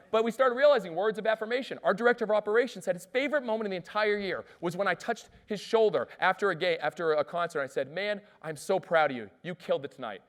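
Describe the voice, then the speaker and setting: A man delivering a lively keynote, racing through stories at a brisk clip. His voice sits a little high for a man, and he keeps turning to the audience with questions. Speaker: keynote speaker. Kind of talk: energetic storytelling keynote speech.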